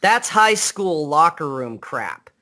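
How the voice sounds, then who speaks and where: A man chats as a guest on a podcast, heard over a Skype call. He is blunt and unfiltered, and he rambles and restarts his sentences. His voice sits somewhat high for a man. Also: sing-song, slow pace, pushed and bright. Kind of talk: casual interview chat.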